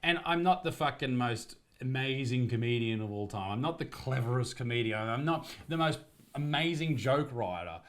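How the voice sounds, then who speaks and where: A man's voice: mid-range voice, lively intonation, normal speed. An Australian man, a comedian, delivering a profane, combative rant in a commentary video.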